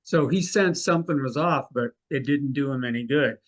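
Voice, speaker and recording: An older man, a mentalist guest in an interview, telling anecdotes with lively delivery and acting out what others said. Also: medium pitch, normal speed. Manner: animated, acts out the people he quotes.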